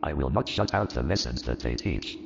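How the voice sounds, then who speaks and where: A man playing an old miserly man turned joyful and repentant, with a gravelly voice and a theatrical, animated delivery in an audio drama. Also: brisk, heavily acted. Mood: pleading. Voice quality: gravelly, very deep. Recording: reverberant, dull lo-fi, faint music.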